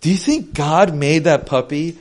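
In a fairly high voice, a little slow, a young man gives a conversational sermon. He tells his stories with animation and chattiness, leaning heavily on "um" and "like".

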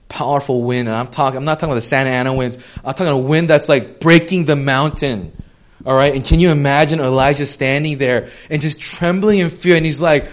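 A young man preaching a sermon in a conversational way, getting loud and animated when he retells a story, then dropping to a soft hush when he reflects. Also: medium pitch.

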